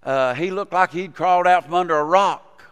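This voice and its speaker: A man's voice: sits high, moderate pace, a bit bright, clear, resonant tone. A man, a pastor preaching a sermon and telling a folksy story, rising to fervent preaching. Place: church sanctuary. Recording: reverberant church hall.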